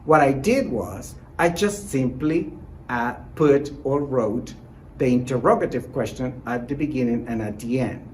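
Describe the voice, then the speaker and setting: A man teaching a recorded online lesson as a Spanish teacher, encouraging his students and modelling example sentences slowly and clearly. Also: medium pitch, a little hiss or hum, low-quality recording. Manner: encouraging, repeats short praise and reassurance.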